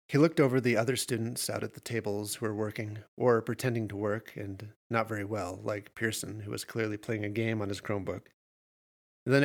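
A man narrating horror fiction in a measured storytelling voice. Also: lowish voice.

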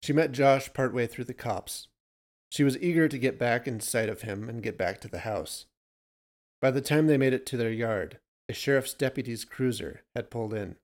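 A man reading a short story aloud in a steady, measured way. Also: medium pitch. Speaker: narrator.

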